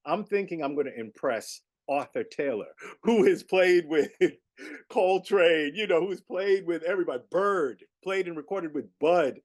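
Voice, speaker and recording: A man's voice: on the high side, measured pace. A middle-aged man, a guest jazz saxophonist, telling stories in a casual interview and leaning on "you know" as he talks. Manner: animated storyteller, peppered with "you know".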